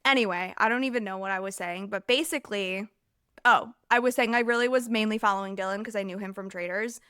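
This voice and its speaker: A woman's voice: medium pitch, quick pace, fairly bright tone, clean tone, no echo. A young American woman talks her way through a casual solo podcast episode, rambling with plenty of filler words and restarts. She sounds overheated and a little scattered. The recording is close and dry, with no room sound. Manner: rambling and chatty, heavy filler use, self-interrupting. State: overheated, distracted. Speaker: podcast host.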